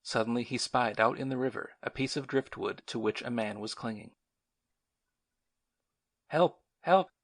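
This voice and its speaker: A man reading an audiobook in a steady, measured narration. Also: mid-range voice, no echo, studio quality. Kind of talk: scripted narration.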